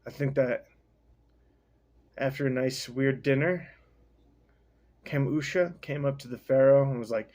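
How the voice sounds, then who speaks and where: A man hosting a podcast, casually recapping and reading a novel with slangy, rambling, deadpan asides. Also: mid-range voice, measured pace, long pauses.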